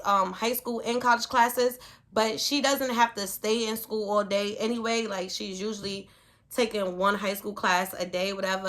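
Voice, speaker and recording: Middle-aged woman, casual storytime vlogger, talks in a chatty ramble with a bright voice. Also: medium pitch. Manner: chatty, peppers speech with "like" and "whatever". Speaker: parenting vlogger.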